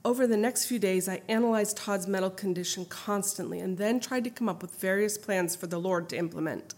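A middle-aged woman reading her own memoir aloud in an earnest, heartfelt, steady way. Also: mid-range voice, a little fast. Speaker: memoir narrator.

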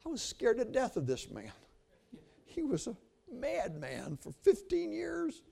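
An older man preaching a sermon, telling a story and then praying, earnest and swinging from hushed to emphatic. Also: extremely high pitch, huge pitch swings, measured pace, creaky.

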